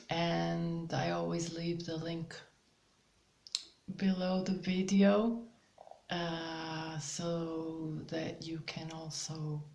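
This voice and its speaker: A woman with a gravelly, somewhat low voice leads a relaxed spiritual guidance talk for her channel. Her speech is very slow and halting, full of ums and gentle laughter, and the room lends a clear echo.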